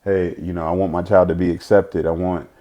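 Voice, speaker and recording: A man's voice: sits low, little pitch movement, fairly quick, mellow, highs cut off. A man speaking as a guest in an interview, talking earnestly and reflectively with many fillers and restarts. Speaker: guest, father of an autistic son. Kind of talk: candid conversational interview.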